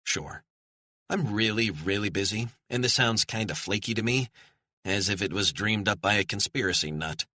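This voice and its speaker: A man's voice: on the low side, normal speed, bright, forceful tone, no room sound, clean studio sound, pitched above the performer's own voice. A man voicing a busy, skeptical female journalist who speaks bluntly and doubtfully.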